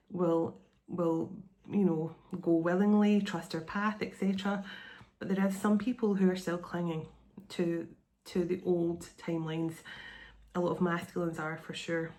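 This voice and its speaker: Lowish-voiced woman giving a card reading. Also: warm tone. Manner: meandering, repeats phrases, earnest and reassuring. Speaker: tarot and oracle card reader. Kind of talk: channeled spiritual card reading.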